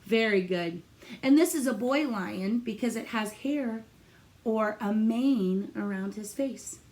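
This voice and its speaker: Slow, encouraging schoolteacher woman. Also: fairly high pitch. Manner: animated and encouraging, asks children questions. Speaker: teacher. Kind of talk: reading a picture book aloud to young children.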